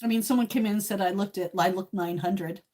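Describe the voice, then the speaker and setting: A woman in her sixties talking to viewers on a casual live stream. Her voice is tearful and emotional, and she breaks into laughs between halting, filler-heavy phrases. Her pitch sits in an ordinary middle range. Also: darkish tone. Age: 60s.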